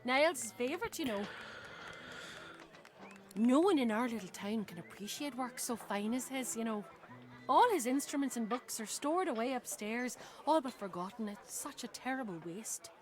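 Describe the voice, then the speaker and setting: A woman's voice: on the high side, expressive, moderate pace, soft background music, close to an everyday voice. A woman voicing a doting tavern-keeper mother. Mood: fond. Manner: chatty, fond, prim. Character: doting middle-aged female tavern keeper and proud mother.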